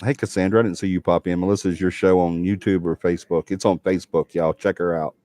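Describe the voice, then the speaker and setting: A man's voice: low voice, steady tone, fast talker, a little mellow, no echo, clean studio sound. A man hosting a paranormal livestream, chatting casually and reading out viewer comments in a folksy, laughing way. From Alabama.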